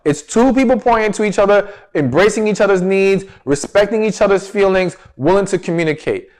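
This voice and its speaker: A man's voice: high-pitched, brisk. A man hosting a relationship advice talk, speaking straight to the viewer with emphatic stress and rhetorical questions. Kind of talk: direct-to-camera advice talk.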